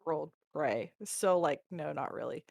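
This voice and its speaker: A woman's voice: deep voice, moderate pace, vocal fry, darkish tone, no room sound, clean studio sound. A woman playing a tabletop game, hesitant and trailing off as she speaks. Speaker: player.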